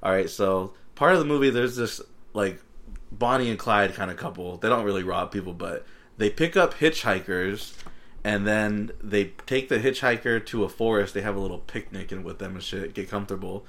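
A man's voice: lowish voice, moderate pace, a bit bright. An American man chatting casually on a podcast, slangy and laid-back, often laughing. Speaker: podcast co-host. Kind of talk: casual chat.

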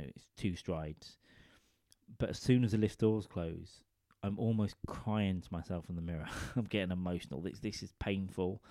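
A man with a low, mellow voice tells a vulgar comic anecdote into a studio microphone. He rambles and keeps asking his listeners "right?" as he goes. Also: no room sound.

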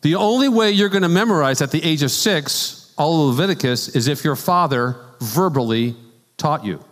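A man's voice: a little high, moderate pace. A man preaching a conversational sermon as a pastor, telling stories with casual asides. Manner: animated storytelling with asides and laughs. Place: church sanctuary. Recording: long church hall reverb.

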